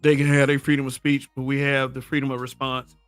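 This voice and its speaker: This livestream host is a middle-aged man from the American South, speaking quickly in a flat, mid-range voice with a slight brightness. Laughing a lot and replying to chat, he comments casually in a blunt, profane Southern accent. There's no echo, just faint background music.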